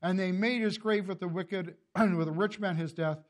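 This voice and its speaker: A man preaching a sermon and reading scripture, impassioned, swinging from loud calls to low, hushed lines, often coughing and clearing his throat. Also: normal speed. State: emotional, tearing up. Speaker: pastor.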